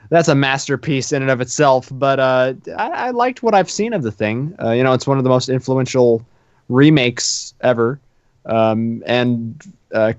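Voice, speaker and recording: A man's voice: mid-range voice, dry recording. A young man chats casually as a podcast co-host, circling his thoughts with frequent fillers and false starts. His voice sits in a middling range and comes through a dull, slightly lo-fi line with a dry, close sound. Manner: hesitant, many fillers and restarts. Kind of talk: casual chat.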